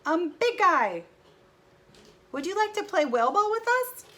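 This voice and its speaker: A woman's voice: extremely high pitch, very animated, a little slow, bright, forceful tone, pitched above the performer's own voice, heavily acted. A woman voicing an anxious male elephant from a picture book, exclaiming in alarm. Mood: worried. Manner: exclaiming, startled.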